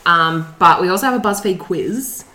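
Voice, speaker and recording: A woman's voice: fairly low pitch, moderate pace, sharp tone. Chatty woman in a roomy space. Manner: chatty, swears, lots of "like" fillers. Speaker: podcast co-host. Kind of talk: casual chat.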